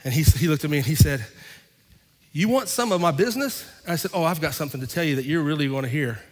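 A pastor with a fairly high, slightly mellow voice races through a sermon, sharing a personal story and playing both sides of an argument. The recording carries the long reverb of a large hall.

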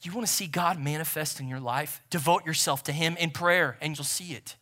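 A man's voice: on the high side, brisk, bright, forceful tone. A man preaching a sermon as pastor, in a conversational style that repeats phrases for emphasis.

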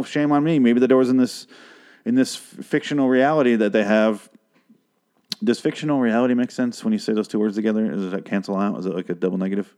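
Low-voiced man in a profane, rambling recap. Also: a little mellow. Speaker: podcast host recapping a TV episode. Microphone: handheld microphone.

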